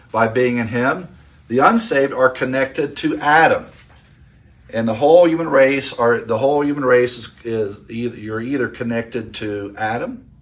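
A man delivers an expository sermon at a middle pitch. He teaches scripture verse by verse and quotes passages as he goes. His pacing is unhurried and he pauses now and then on small fillers. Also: a bit bright. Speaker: pastor.

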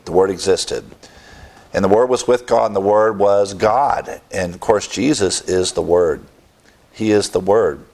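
A man teaching scripture in a low voice. He speaks at a measured, deliberate pace and often pauses to restart a phrase. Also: gravelly, a little mellow. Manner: slow, deliberate, with frequent restarts and fillers. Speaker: Bible teacher. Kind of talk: Bible teaching.

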